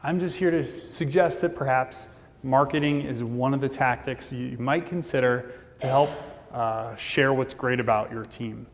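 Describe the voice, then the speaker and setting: A man giving a fast, casual, jokey conference talk from a stage. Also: medium pitch. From Indianapolis, Indiana, US. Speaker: conference speaker. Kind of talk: keynote presentation. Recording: long reverb of a conference hall.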